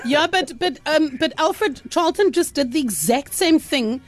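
A South African woman hosts a morning radio show and teases her guest in chatty banter. Her voice sits high and bright. She laughs often as she talks. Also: animated, unhurried. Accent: South African English. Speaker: radio presenter.

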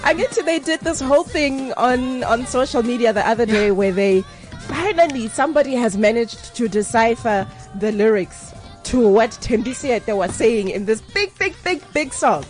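A woman's voice: on the high side, animated, normal speed, a little mellow, soft background music. Chatty woman host. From South Africa, Free State. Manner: inquisitive, chatty. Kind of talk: casual chat.

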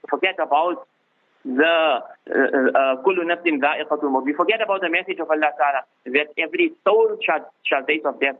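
A husky, fairly high-voiced man gives an informal religious talk, circling back and repeating phrases to press his point. The sound is narrow and phone-like, carried over a lo-fi radio broadcast. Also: normal speed. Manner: repetitive, restarts phrases for emphasis. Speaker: mufti giving a talk.

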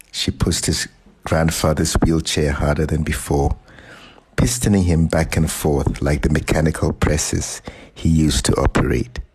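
A man narrating a short story in a calm, measured reading voice. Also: very deep voice, breathy edge, rough recording. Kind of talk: audiobook narration.

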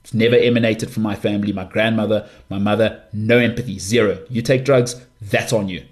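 A man hosting a podcast, delivering an impassioned monologue with forceful, repetitive emphasis. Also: on the low side, steady tone, brisk. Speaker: podcast host.

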